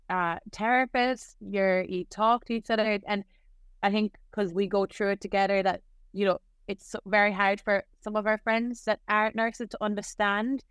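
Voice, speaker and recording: A woman's voice: medium pitch, smooth, dry recording, studio quality. A young adult Irish woman, a nurse, chatting casually in an interview with lots of filler words. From Ireland. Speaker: nurse guest.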